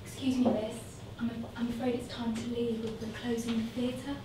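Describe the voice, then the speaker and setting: A woman's voice: a little high, little pitch movement, moderate pace, background noise, close to an everyday voice. A woman playing a hesitant female theatre usher who stammers apologetically. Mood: apologetic. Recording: roomy theatre heard from a distance.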